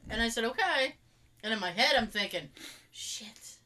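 A woman with a Massachusetts accent tells a long story in casual chat. Her bright, fairly high voice leaps around as she acts out the scenes. She throws in playful sound effects. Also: animated, fairly quick.

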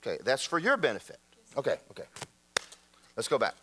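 A man's voice: mid-range voice, brisk, background noise. A man preaching a sermon in a church, telling stories and acting out the people in them. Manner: animated storytelling, acts out quoted voices. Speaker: pastor.

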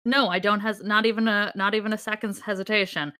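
A woman's voice: medium pitch, little pitch movement, fast, sharp tone, no echo, studio quality. A woman co-hosting a podcast in casual chat, enthusiastic and rambling, laughing often. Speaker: podcast co-host.

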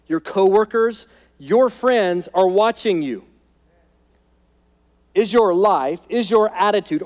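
High-voiced emphatic man preaching. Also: big-room sound. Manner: emphatic, repeats key phrases, drops to quiet intensity. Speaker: pastor. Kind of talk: sermon. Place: church sanctuary.

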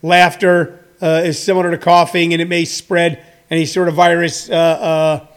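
Gravelly, rambling older man. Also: a little high, flat delivery, normal speed. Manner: meandering, joking, many fillers. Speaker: comedy school host. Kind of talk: rambling casual monologue.

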